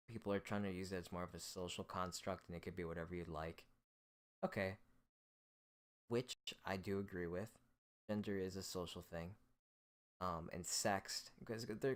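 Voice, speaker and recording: A man with a very deep, low voice rants on his own, hostile and scornful. He swears freely and talks down to his listeners in a blunt, aggressive tone. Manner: hostile, profane, scornful ranting. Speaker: host. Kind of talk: solo rant monologue.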